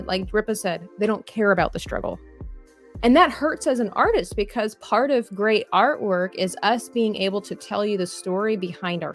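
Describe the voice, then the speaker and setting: A woman hosting a live drawing stream, talking earnestly in a rambling, casual way with frequent restarts while reading chat comments aloud. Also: medium pitch. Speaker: livestream artist host. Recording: faint background music.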